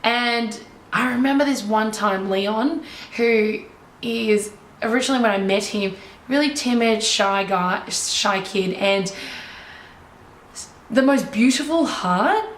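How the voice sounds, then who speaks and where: Animated woman in an echoey room. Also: a little high, slow pace, slight background noise. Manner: animated, enthusiastic storyteller. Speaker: life coach. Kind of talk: personal storytelling. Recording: roomy echo, faint ambience.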